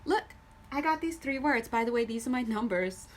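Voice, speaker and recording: A woman giving a casual tarot reading to her viewers. She is chatty and animated, often laughing as she goes. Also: fairly high pitch, normal speed, a little hiss or hum. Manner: addresses viewers directly. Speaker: tarot reader.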